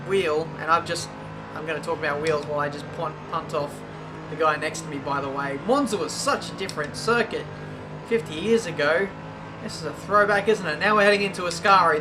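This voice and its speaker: A young man giving casual, self-mocking commentary while playing a racing game. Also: on the high side. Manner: chatty, self-mocking, quick exclamations. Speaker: gaming YouTuber. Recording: game audio and engine noise behind.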